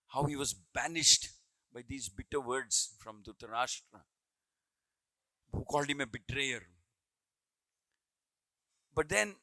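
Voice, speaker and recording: A man's voice: medium pitch, pushed and bright, dry recording, poor audio. A man giving a devotional scripture class, earnest, repeating phrases as he retells a story. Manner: earnest, repeats phrases while building a point.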